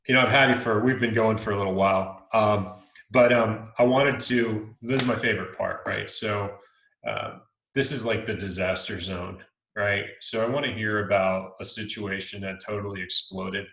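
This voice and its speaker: Man, podcast host, low pitch, relaxed filler-heavy talk, echoey room. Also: unhurried. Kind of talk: casual interview chat.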